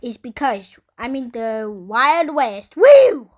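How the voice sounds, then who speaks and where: A woman's voice: fairly high pitch, steady tone, slow, sharp tone. A woman hosting a playful gameplay video in a put-on Texas cowboy drawl, whooping often and calling everyone partner. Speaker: gaming video host.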